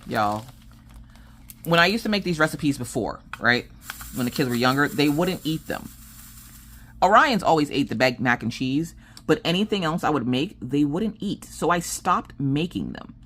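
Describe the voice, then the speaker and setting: A woman's voice: sits low, expressive, normal speed, a bit bright. A woman chatting casually while she works on a diamond painting, telling stories with lots of restarts. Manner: chatty storyteller, restarts and laughs often. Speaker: crafting vlogger.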